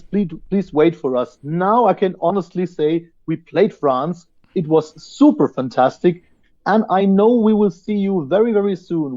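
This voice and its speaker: A man's voice: sits high, warm tone, highs cut off. A male musician giving enthusiastic interview answers, restarting words as he talks, over a remote line. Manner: enthusiastic, repeats words as he starts sentences. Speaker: band singer and guitarist, interview guest.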